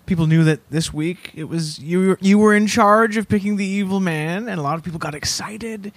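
Male co-host, high voice, wry and teasing, dry close mic. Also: moderate pace, no echo. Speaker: podcast co-host. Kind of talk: casual comedic chat.

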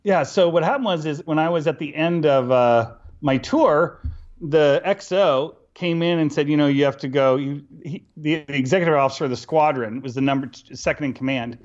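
A middle-aged man chats as an interview guest and tells his stories with energy. He acts out the people in them and laughs along the way. His voice sits a bit high for a man, and the recording sounds dull and lo-fi. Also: moderate pace. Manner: animated, acts out dialogue with laughs. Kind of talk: casual storytelling.

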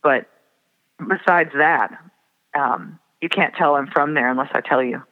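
A man's voice: a little high, a little slow. Man on a tinny, echoey phone line. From Fargo area, Minnesota. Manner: hesitant, reflective, many fillers. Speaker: songwriter guest. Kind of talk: casual interview.

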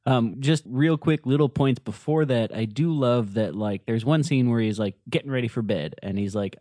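A man's voice: medium pitch, moderate pace, hardly any pauses, a little mellow. A man with a mid-range voice co-hosts a podcast, talking casually and breaking scenes down point by point. He sounds enthusiastic, and the recording is dry and close with no room echo. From United States. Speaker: podcast co-host. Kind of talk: casual chat.

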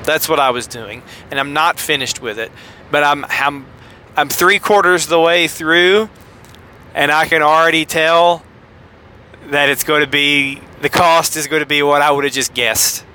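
A man's voice: fairly high pitch, fairly even intonation, a little slow, sharp tone, a little hiss or hum. A middle-aged man hosting a podcast in a chatty, joking, self-deprecating monologue. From American South. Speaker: podcast host. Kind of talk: casual rambling monologue.

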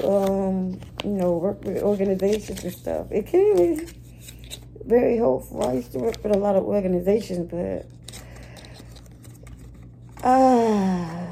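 A woman's voice: medium pitch, gravelly, mellow, a little hiss or hum, low-quality recording. A woman hosting a weekly spiritual reading vlog, talking in a candid, slangy, rambling way. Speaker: astrology and spiritual reading host.

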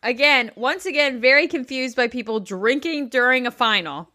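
Bright high-voiced woman, sarcastic. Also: normal speed, dry recording, studio quality. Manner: exasperated, sarcastic, swears. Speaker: podcast co-host. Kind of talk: casual chat about reality TV.

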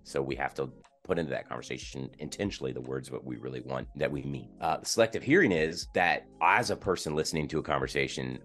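A man who coaches youth sports, a podcast guest explaining his ideas earnestly and growing animated as he makes his points. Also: very deep voice. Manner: earnest and explanatory, gets animated and louder when making points. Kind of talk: in-depth interview conversation.

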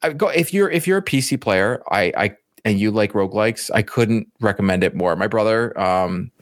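A man's voice: on the low side, lively intonation, normal speed, no echo, studio quality. A man chatting casually about video games, rambling and repeating himself as he recommends titles. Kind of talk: casual gaming chat.

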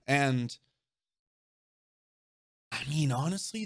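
A man's voice: mid-range voice, fairly even intonation, moderate pace. A young man hosting a livestream, answering viewer questions in casual, earnest chat, emotional and swearing casually.

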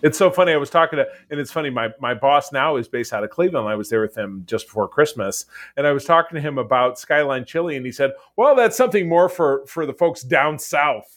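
A man's voice: mid-range voice, expressive, quick pace, hardly any pauses, fairly bright tone. A man co-hosting a casual podcast chat, enthusiastic and rambling, often restarting his sentences. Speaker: podcast co-host.

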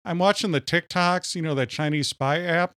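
A man's voice: on the high side, normal speed, fairly bright tone, no room sound, clean studio sound. A man from Minnesota co-hosting a casual podcast, ranting and joking in loose banter. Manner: ranting, jokey, says "powerful" often. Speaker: podcast co-host.

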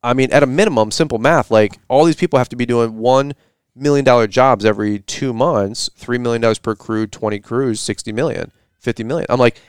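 A man co-hosting a podcast, rattling off stories at a fast clip. His voice is smooth and resonant, and the sound is dry and close. He slips into livelier, higher voices when he quotes people. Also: dry recording. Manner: animated storytelling, acts out quoted voices in a higher pitch. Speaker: podcast co-host. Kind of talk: casual podcast chat.

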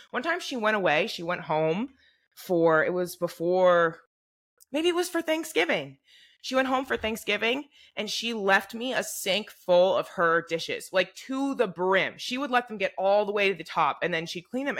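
A young woman co-hosting a podcast, telling a story in a casual, animated, profane way and acting out what people said. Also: medium pitch, normal speed. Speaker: podcast co-host. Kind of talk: casual chat.

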